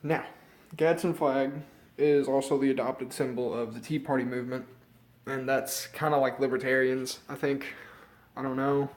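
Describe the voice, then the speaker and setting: A young American vlogger speaks in a level tone at a medium pitch and moderate pace during a casual opinion rant. He rambles, swears a lot, and loses his thread, sounding out of breath and a bit sick.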